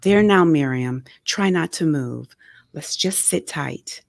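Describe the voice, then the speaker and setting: Calm father giving steady instructions, read aloud by a woman author; low and gravelly. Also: slow pace, no room sound, studio quality, heavily acted. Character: calm middle-aged father taking charge. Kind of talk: reading a memoir aloud.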